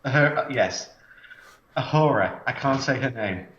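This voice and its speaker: A man's voice: mid-range voice, animated, unhurried, a bit bright. A man hosting a casual podcast chat, talking in a rambling, hesitant way and often restarting his sentences. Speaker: podcast host. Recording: echoey, dull lo-fi sound.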